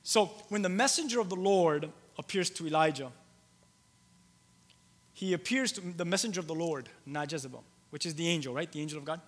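A male pastor preaching a sermon, shifting between loud emphatic lines and soft, low storytelling, with halting restarts and repeated phrases. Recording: long hall reverb.

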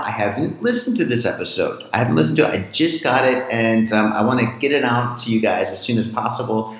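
A man's voice: medium pitch, echoey room, low-quality recording. Rambling, chuckling male podcast host. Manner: rambling, chuckling, lots of fillers. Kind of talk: casual podcast intro monologue. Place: indoors, away from home while traveling.

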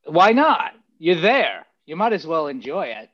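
A man, a comedian guest, chatting loosely over a video call, halting and restarting as he goes. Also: on the high side, sing-song, highs cut off.

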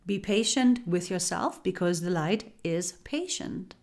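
A woman hosting a spiritual talk. She speaks softly and without hurry, repeats phrases like an incantation and drops into whispers for emphasis. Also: lowish voice, animated, measured pace. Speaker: spiritual podcast host. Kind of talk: slow spiritual guidance talk.

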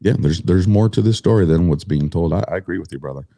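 A man's voice: low-pitched, quick pace, dark tone, no room sound. A middle-aged man telling his story as a podcast guest, blunt and indignant, swearing freely.

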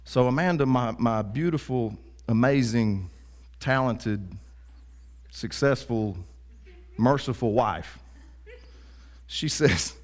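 A pastor telling a funny personal story in a sermon, with lively asides to the congregation. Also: male voice, mid-range voice, takes it slowly, pauses often. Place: church.

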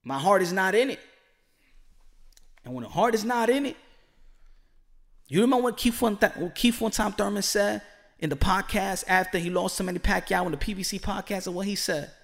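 A man with a notably high voice delivers opinionated boxing commentary. He talks emphatically, repeating himself and pleading directly with the fighter he is discussing. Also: fairly quick, creaky, long pauses.

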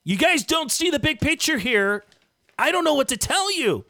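Fired up political rant host, bright high voice swinging all over. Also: sing-song, moderate pace, no room sound, studio quality. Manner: indignant, emphatic, mocks opponents in quoted voices. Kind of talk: heated political commentary.

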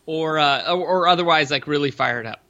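A man's voice: on the high side, brisk, sharp tone, muffled recording. A man co-hosting a casual sports podcast, teasing his co-host and telling wry stories.

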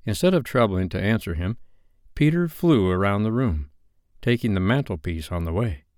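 Man, storyteller, low voice, very lively intonation, dry close sound. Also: normal speed, no room sound. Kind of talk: reading a classic novel aloud.

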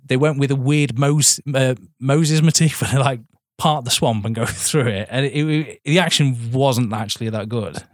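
Male podcast co-host, mid pitch, talks in long laughing ramble, dead-dry sound. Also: normal speed, hardly any pauses, no room sound. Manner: chatty, laughs often, rambling film opinions. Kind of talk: casual chat.

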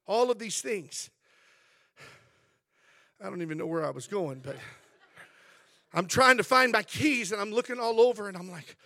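A man pastor giving a sermon, telling stories in a chatty, animated, humorous way. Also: high-pitched, normal speed, creaky, dry recording, clean studio sound.

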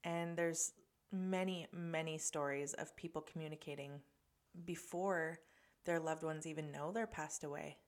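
Low-voiced woman chatting on a podcast. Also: steady tone, unhurried. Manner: chatty and earnest, with soft laughs and restarts. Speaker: podcast host and medium. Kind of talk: casual podcast monologue.

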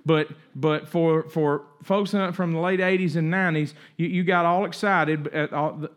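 A man's voice: on the high side, normal speed. A middle-aged man preaching a sermon, telling stories animatedly and often restarting his sentences. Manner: animated storytelling with frequent restarts. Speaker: pastor.

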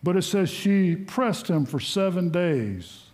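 A man preaching a sermon in a high, bright voice. He reads scripture aloud and then retells it in a folksy, conversational way, often acting out the quoted lines himself. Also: expressive, slow pace.

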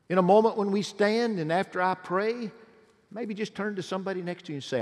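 A middle-aged pastor giving a pleading altar call and prayer in a large church, swinging between loud urges and hushed appeals. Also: male voice, high-pitched, fairly quick. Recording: long hall reverb.

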